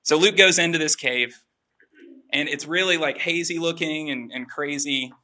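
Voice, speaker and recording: A man giving a relaxed, chatty sermon with self-deprecating asides. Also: a little high, moderate pace. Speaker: preacher. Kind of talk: conversational sermon.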